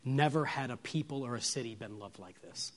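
A man preaching an expository sermon. He asks his listeners rhetorical questions and moves from soft, low lines to raised, emphatic ones. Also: fairly quick. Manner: lingers on single words for weight.

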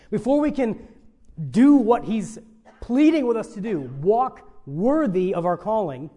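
Male pastor, higher-pitched voice, earnest pleading sermon delivery. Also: darkish tone. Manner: earnest, pleading emphasis with dynamic swings.

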